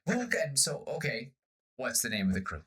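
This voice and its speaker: Animated male podcast co-host, bright lively delivery, brainstorms and acts out lines. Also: medium pitch, husky. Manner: animated, acts out pirate lines in quick bursts. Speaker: podcast co-host pitching a story. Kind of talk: casual brainstorming chat. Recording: slightly off-sounding podcast audio.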